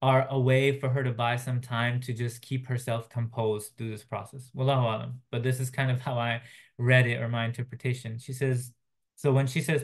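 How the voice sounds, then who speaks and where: Soft-spoken male chaplain giving a sermon. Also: medium pitch, flat delivery, normal speed. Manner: soft-spoken, hesitant, reflective with fillers. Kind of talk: Friday sermon, retelling a phone call.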